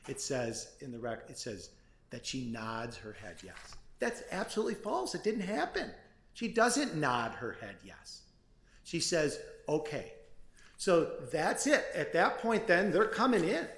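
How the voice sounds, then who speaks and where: Emphatic male attorney in an echoey courtroom. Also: on the high side. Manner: earnest, emphatic, frequent restarts. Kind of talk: appellate oral argument.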